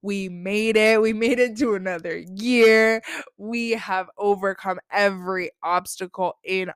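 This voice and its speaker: A woman's voice: mid-range voice, clean tone, dry recording, clean studio sound. A young woman hosting a spiritual podcast, talking casually and effusively and swearing freely. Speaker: podcast host.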